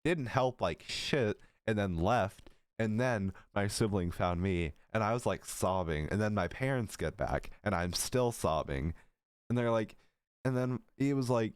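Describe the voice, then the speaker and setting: A man's voice: fairly low pitch, normal speed, smooth, dry recording. A man in his late teens telling a story to camera in a casual, rambling way, with lots of fillers and swearing. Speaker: vlogger.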